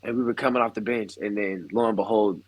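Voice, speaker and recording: A young man in his twenties, a baseball player, telling stories casually in an interview and acting out the quotes with lively voices. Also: lowish voice, quick pace, no room sound, poor audio.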